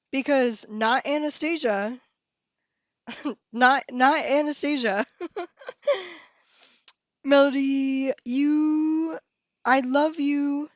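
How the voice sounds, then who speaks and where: A woman's voice: sits high, no echo, lo-fi sound. A young woman hosting a casual live stream, chatting with her viewers, reading their messages aloud and giggling often.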